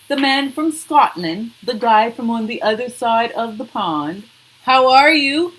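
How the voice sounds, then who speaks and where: A woman's voice: fairly high pitch, lively intonation, unhurried, a bit bright, poor audio. A woman hosting a casual live stream, chatting and greeting viewers by name. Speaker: soap maker and live-stream host.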